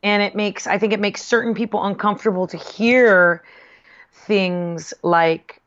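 A woman's voice: medium pitch, fairly even intonation, a little slow, a bit bright. A woman co-hosting a podcast, speaking earnestly with hesitations in casual chat. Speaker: podcast co-host. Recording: slightly dull sound.

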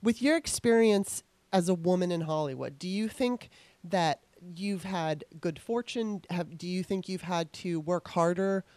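A woman's voice: on the low side, unhurried, a little mellow, no echo. A woman hosting an interview, talking earnestly and at length with many restarts as she recalls her own auditions. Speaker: podcast host. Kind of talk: casual conversational interview.

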